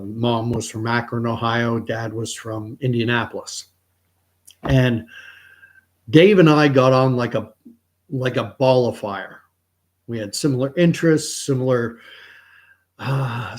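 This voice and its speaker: Middle-aged canadian guy rambling thru a story, lots of restarts, casual commentary. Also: mid-range voice.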